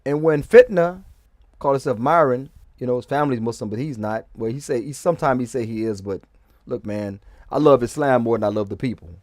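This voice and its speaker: A man's voice: medium pitch, brisk, darkish tone, dry recording, studio quality. A man giving rambling casual commentary, restarting sentences and often checking "okay?". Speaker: vlogger.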